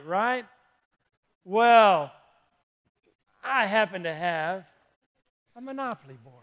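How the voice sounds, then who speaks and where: A man preaching a sermon to young people, telling stories and urging listeners directly. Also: sits high. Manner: animated, storytelling, urges listeners directly. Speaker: youth pastor. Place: indoor room with an audience.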